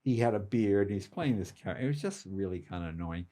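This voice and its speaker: An older man, a comedian guest, telling casual anecdotes with quick asides and acted-out quotes. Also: lowish voice, lively intonation, dark tone. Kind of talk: casual storytelling.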